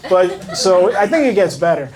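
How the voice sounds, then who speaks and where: A man doing a stand-up set in a comedy club, halting and awkward with many fillers and restarts. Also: high voice, sing-song, a crowd in the background.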